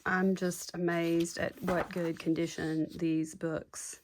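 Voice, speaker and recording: A woman's voice: on the low side, flat delivery, slow, slight background noise. A woman chatting casually and gushing as she shows off handmade journals to her viewers. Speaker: craft seller showing handmade junk journals. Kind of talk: casual show-and-tell chat.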